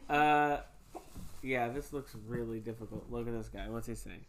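A woman co-hosting a podcast, chatting crudely and giggling often. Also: extremely low pitch. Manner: crude, giggly, slow drawl. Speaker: podcast co-host. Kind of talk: crude casual chat.

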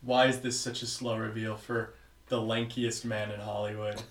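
A man co-hosting a casual podcast, talking in an animated way, laughing often and mimicking movie characters. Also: fairly low pitch, normal speed, echoey room, far from the mic, slight background noise. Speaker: podcast co-host. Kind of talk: casual chat.

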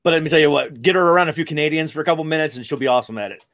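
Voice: mid-range voice, very fast, fairly bright tone. A co-host of a live stream chatting casually. The delivery is teasing and laid-back, with some casual swearing.

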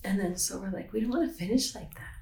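A woman's voice: mid-range voice, fast talker, vocal fry, mellow, echoey room. A woman telling a long story in a casual chat, rambling with many fillers. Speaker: guest, pastor's wife.

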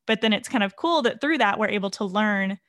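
A woman hosting a podcast, who reflects back on what her guest says in an affirming way full of soft hedges. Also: mid-range voice, expressive, a little fast. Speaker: podcast host. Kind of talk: podcast interview.

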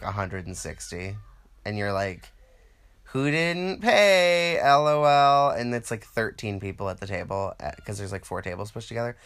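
A man telling a rambling, profane comedic story, quoting other people in animated put-on voices. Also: lowish voice. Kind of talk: casual comedic monologue.

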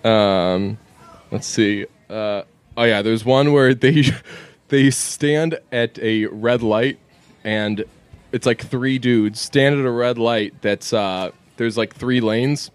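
A man's voice: medium pitch, slow, clean tone, no room sound. A man co-hosting a podcast, telling stories in a rambling, profane way in casual chat.

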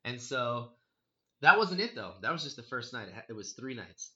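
A young man telling a story in casual chat, animated and profane, full of "like" and "dude". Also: medium pitch, moderate pace, lo-fi sound. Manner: animated, swearing, heavy on 'like' and 'dude'.

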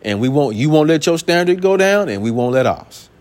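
A man's voice: a little high, big pitch swings, brisk, darkish tone. A man preaching a sermon from the pulpit, emphatic and colloquial, repeating his points and firing off rhetorical questions. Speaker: pastor.

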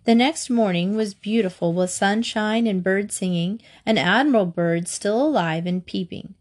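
Woman reading a kids' book out loud, steady and gentle. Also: medium pitch, normal speed. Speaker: narrator. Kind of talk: children's audiobook narration.

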